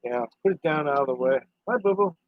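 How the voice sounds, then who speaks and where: A man's voice: on the high side, lively intonation, fast, no room sound. A man chatting casually on a live stream, rambling to his viewers and his dog. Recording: dry, dull lo-fi sound.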